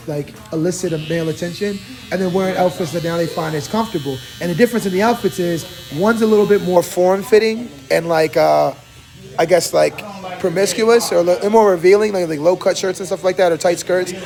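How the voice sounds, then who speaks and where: High gravelly-voiced man chatting casually. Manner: animated, laughing, mimics others. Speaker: podcast host. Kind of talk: casual barbershop banter. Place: barbershop.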